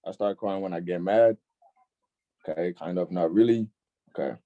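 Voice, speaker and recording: A young man hosting a casual online youth discussion, laid-back and filler-heavy, often agreeing with a quick "facts.". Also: low voice, phone-quality sound. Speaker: youth group discussion host.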